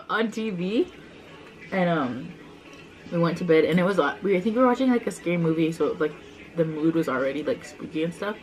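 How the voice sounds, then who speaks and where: Laughing often and saying "like" constantly, a young woman vlogger reminisces casually with her younger sister. Her fairly low voice has lively intonation and a moderate pace, captured on a low-quality recording.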